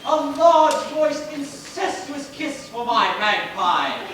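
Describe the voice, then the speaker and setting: A man's voice: sits high, very animated, normal speed, sharp tone, exaggerated voice. A man acting a flamboyant, vain celebrity playwright in a live stage play, with a grandiose, theatrical delivery. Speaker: stage actor. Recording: distant, echoey and noisy theater recording.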